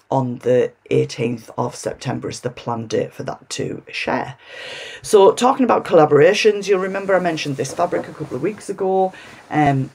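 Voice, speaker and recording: A woman's voice: rumbling low, vocal fry, a little mellow, breathy edge. A British woman chatting casually to camera as a sewing vlogger, rambling along with self-mocking asides.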